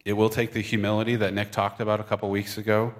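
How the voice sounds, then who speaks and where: A man's voice: lowish voice, level tone, fast talker. A man with a Michigan accent preaching a sermon at a church service into a microphone, earnest and conversational, with fillers and restarts. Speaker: pastor.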